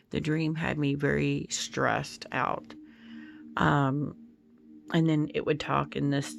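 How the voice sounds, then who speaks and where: A woman's voice: low-pitched, gravelly. A woman telling a story in a casual home vlog as a tarot-reading YouTuber, in a meandering, hesitant way.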